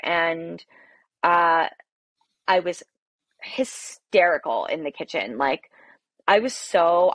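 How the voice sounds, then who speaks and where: A woman's voice: on the low side, dry recording. A woman coffee shop owner, a podcast guest telling her story in a candid, emphatic way. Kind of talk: podcast interview, personal storytelling.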